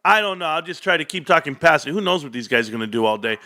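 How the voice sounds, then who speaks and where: A man with a bright, fairly high voice hosts a casual stock livestream from his home. He talks straight to his viewers in an easygoing, chatty way, keeping the talk loose and conversational. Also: lively intonation, fast. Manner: chatty, addresses viewers directly. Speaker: livestream host.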